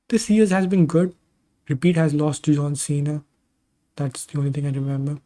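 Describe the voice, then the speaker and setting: With a fairly high-pitched, warm voice, a man commentates video game wrestling matches for his gaming channel. He keeps it casual, rambling into tangents and personal asides between the calls.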